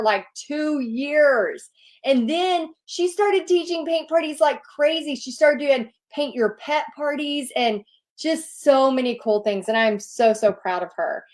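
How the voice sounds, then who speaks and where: A middle-aged woman hosts a relaxed live Q&A and reads viewer comments aloud. Her voice sits somewhat high, and she gushes warmly and effusively over each one. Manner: bubbly, gushing, effusive. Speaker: host reading viewer questions. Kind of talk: casual live Q&A.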